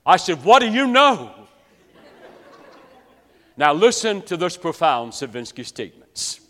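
A man from West Virginia preaching a sermon to his congregation, telling a story dramatically and swinging between hushed and loud. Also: mid-range voice. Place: church sanctuary. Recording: long reverb of a large hall.

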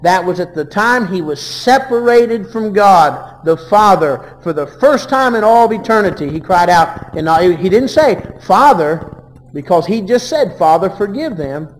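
A man delivers a sermon in a high-pitched voice. He reads verses aloud, then swings between loud declarations and hushed asides. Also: lively intonation, measured pace, big-room sound. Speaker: preacher.

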